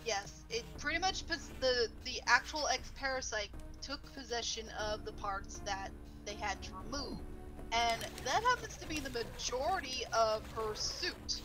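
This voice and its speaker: Slow high-voiced woman chatting. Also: animated, music in the background, low-quality recording. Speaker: co-commentator. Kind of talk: casual group chat.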